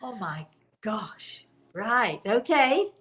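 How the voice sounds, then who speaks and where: A woman's voice: a little high, sing-song, extremely slow, fairly bright tone. Chatty older woman hosting a live Q&A. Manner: chatty, rambling, self-correcting, laughs often. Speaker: spiritual medium hosting a live Q&A. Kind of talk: casual live-stream chat.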